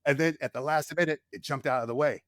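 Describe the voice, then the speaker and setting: A man's voice: fast, dry recording. Candid man in his forties, dry sound. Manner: animated, rises in pitch when reliving tense moments. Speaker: podcast guest, Marine combat veteran. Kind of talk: candid storytelling in casual conversation.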